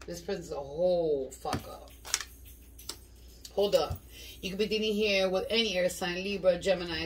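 A woman giving a casual tarot reading to her viewers, blunt, slangy and profane, rambling as she goes. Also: lowish voice. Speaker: tarot reader. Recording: distant mic with clear background noise and clicks.

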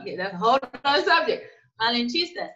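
Woman guest, higher pitch, bright forceful tone, emphatic storyteller. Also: moderate pace, highs cut off. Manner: emphatic, animated storytelling with acted-out quotes. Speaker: guest, immigrant business owner. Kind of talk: conversational interview.

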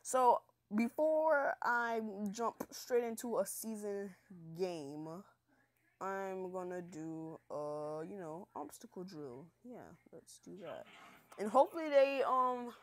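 A woman's voice: mid-range voice, lively intonation, slow. Hyped young woman narrating her gameplay. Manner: hyped, chatty, self-mocking. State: sleepless, up all night. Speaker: gaming channel host. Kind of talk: casual gameplay commentary.

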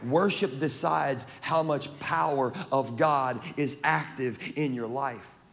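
A man from Louisiana preaching a sermon as pastor, animated and joking, with crowd banter. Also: medium pitch, takes it slowly, creaky. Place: large church auditorium. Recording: long reverb of a large hall.

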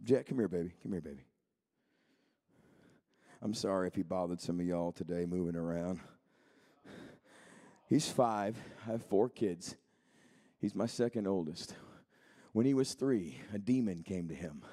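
A man in his thirties preaching a sermon in a church, moving between quiet storytelling and shouted, fervent preaching. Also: sits low, a little slow. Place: church sanctuary.

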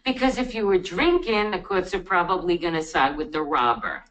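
A woman's voice: fairly low pitch, lively intonation, moderate pace, fairly bright tone. A woman playing a flippant, dismissive cop. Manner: flippant, offhand. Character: flippant dismissive female police officer. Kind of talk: comedy sketch acting. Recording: roomy, distant video playback with faint noise.

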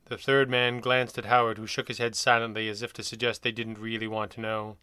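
Bright, crisp male narrator. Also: medium pitch, little pitch movement, a little fast, few pauses, dry recording, clean studio sound. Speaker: storyteller reading his own pulp tales. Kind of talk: scripted narration.

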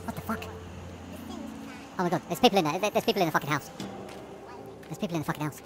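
A woman's voice: on the low side, fast talker, noisy background. A woman giving nervous, jumpy commentary while playing a horror game, swearing often and laughing through the fear. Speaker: let's play gamer.

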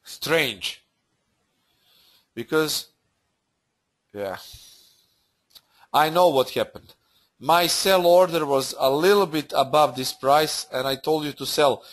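A man hosting a live trading webinar, talking through charts in halting, unscripted full of fillers and restarts. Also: fairly high pitch. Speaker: forex trading webinar host.

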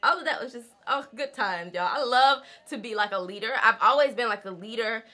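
A woman's voice: fairly high pitch, brisk, sharp tone. A woman, chatting casually to her viewers, laughing often and calling them y'all. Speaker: vlogger. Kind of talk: casual chat while doing her hair.

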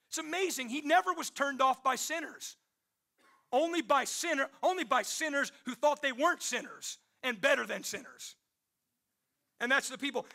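A man's voice: very high-pitched, vocal fry, sharp tone. A man preaching a sermon to a large church congregation, emphatic and calling on the crowd to respond. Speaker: pastor.

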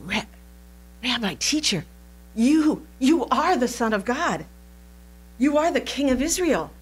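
A woman's voice: high voice, very animated, slow, breathy edge, pitched above the performer's own voice, exaggerated voice. A woman voicing a startled young male scholar who stammers his questions and then speaks in awe. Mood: awed.

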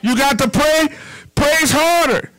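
Male pastor, high bright voice, preaching with hushed repetitions. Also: slow, poor audio. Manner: preaching with repetition, drops to a low hush on "whisper". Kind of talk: sermon.

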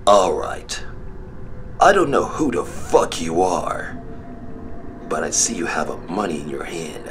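A man voicing a big, crude high school bully who growls his threats low and hushed in a comedy skit. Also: big pitch swings, a little slow, music in the background. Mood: threatening.

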